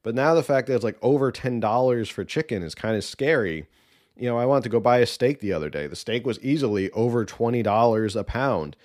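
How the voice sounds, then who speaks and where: Brief: male podcast host, mid-pitched, opinionated and sarcastic political commentary. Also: fairly quick, a little mellow.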